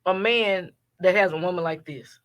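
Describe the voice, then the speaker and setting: Bright-voiced, playful woman talk host. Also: lowish voice, moderate pace. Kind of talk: casual Christian talk show chat. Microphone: studio microphone.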